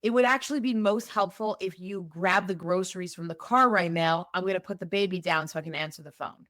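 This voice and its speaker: A woman playing an overloaded mom in an example, asking for help in a hurried, exasperated way. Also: on the low side, fairly bright tone, no room sound, clean studio sound, lightly acted. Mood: frazzled. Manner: pleading, then curt and exasperated. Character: overloaded busy mom, adult woman, frazzled.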